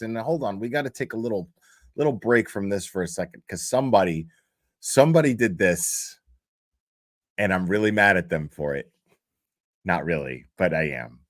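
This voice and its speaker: A man's voice: mid-range voice, dry recording, studio quality. A man hosting a show, giving casual commentary on a played video in a chatty, profane way and laughing often. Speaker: host.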